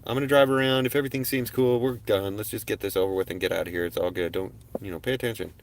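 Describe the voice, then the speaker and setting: A man's voice: fairly low pitch, rapid-fire, a little hiss or hum. A man hosting a livestream, telling a personal story in a casual, profane way and acting out the exchanges in it. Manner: profane, animated, acts out quoted exchanges loudly. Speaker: livestream host.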